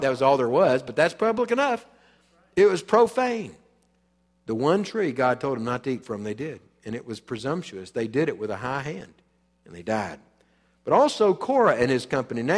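A man preaching a sermon in a church, dramatic and emphatic, acting out the voices he quotes and swinging from loud to soft. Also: fairly high pitch, long reverb tail. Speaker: pastor. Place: church sanctuary.

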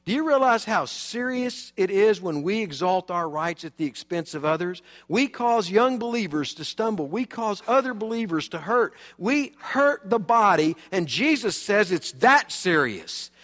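Pastor, male, high voice, emphatic sermon delivery, church hall reverb. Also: a little slow, hardly any pauses. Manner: animated, emphatic preaching with swings between loud and quiet.

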